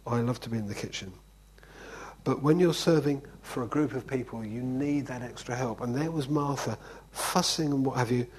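A man's voice: medium pitch, normal speed, darkish tone, a little hiss or hum, rough recording. A man preaching an informal sermon in a conversational way, often checking in with "okay?". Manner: conversational, keeps asking "okay?".

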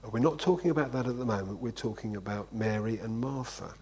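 A man's voice: lowish voice, quick pace, a little mellow, husky, low-quality recording. A man preaching an informal sermon in a conversational way, often checking in with "okay?". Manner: conversational, keeps asking "okay?".

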